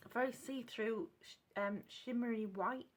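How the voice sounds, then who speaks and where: A woman with a British accent chatting at her home craft desk while she tests paints. She rambles, corrects herself and drops into soft asides. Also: a little high, a little slow. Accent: British English. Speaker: craft channel host testing paints. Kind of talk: casual craft demonstration chat. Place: home craft desk lit by a clip-on lamp.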